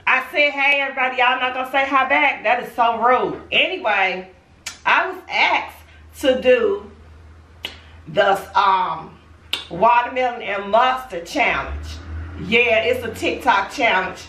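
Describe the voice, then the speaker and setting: In a food challenge vlog, a pregnant young woman chats casually and sassily straight to her viewers. Her voice is on the high side, slow, bright and forceful, recorded in an echoey room with a distant mic and a little hiss or hum.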